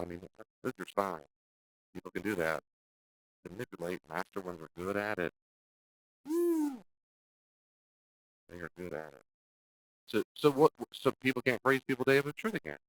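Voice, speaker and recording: Deep-voiced male pastor teaching a class. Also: brisk, long pauses, dry recording, poor audio. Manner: lively, acts out quoted speech in exaggerated voices; direct, conversational, with frequent restarts.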